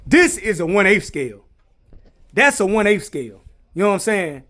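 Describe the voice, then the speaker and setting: A young man giving a casual, animated rant while reviewing RC cars, repeating himself in exasperation. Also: sits high, normal speed. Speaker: RC car reviewer.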